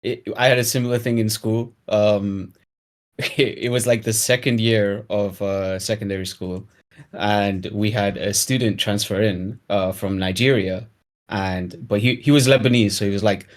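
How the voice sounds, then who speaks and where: A young man in casual chat, telling a story from school with animated swings into loud emphasis. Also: lowish voice, moderate pace. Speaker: guest storyteller.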